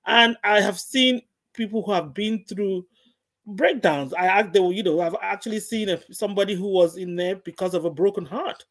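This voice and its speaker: A woman's voice: mid-range voice, normal speed. A middle-aged woman, a guest, gives an earnest personal faith testimony and repeats phrases for emphasis.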